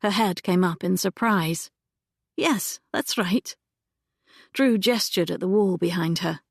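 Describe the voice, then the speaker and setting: A woman narrating an audiobook in a measured, even manner on a close microphone. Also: lowish voice, gravelly, dry recording.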